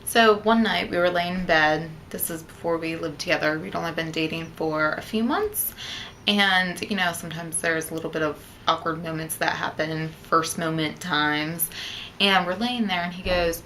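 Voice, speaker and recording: A young woman tells a story in a chatty way with wry asides. Her voice is bright and crisp yet sits fairly low. A faint hum of ambience runs behind her. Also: moderate pace, rough recording. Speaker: bride-to-be telling the story. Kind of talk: casual storytelling.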